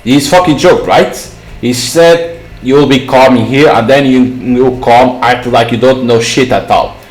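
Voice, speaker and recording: A man's voice: medium pitch, measured pace, reverberant, natural voice, low-quality recording. A man reading a sneering crude thug. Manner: swearing, taunting, threatening. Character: menacing adult male thug, crude and sneering.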